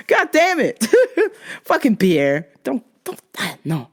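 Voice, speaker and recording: A woman hosting a comedy podcast, swearing freely and laughing often as she tells stories. Her pitch jumps around a lot while she acts out both sides of each exchange. Her tone stays casual and animated. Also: measured pace. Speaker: podcast host.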